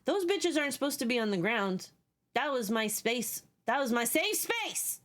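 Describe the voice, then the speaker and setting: A woman streaming a video game with a high voice that leaps up and down. She chats casually, swears at enemies and thanks her viewers warmly. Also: sing-song, normal speed. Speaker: live streamer. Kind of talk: casual gaming live stream chat.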